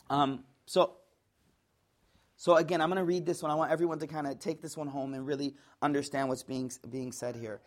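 An African American man from the United States giving a lively, conversational religious lecture, acting out voices to show tone. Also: a little high, brisk. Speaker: Islamic teacher.

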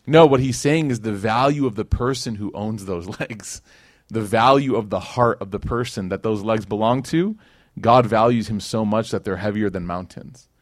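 At a normal speed and a fairly low pitch, the Chicago Islamic teacher talks through a casual sermon, telling stories with slang and dramatized quotes. There's no room sound, just clean studio audio.

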